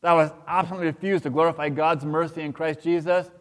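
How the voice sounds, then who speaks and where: Man playing a stern angel of judgment, archaic solemn speech, slightly high voice, long hall echo. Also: little pitch movement, fast talker, close to an everyday voice. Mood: rebuking.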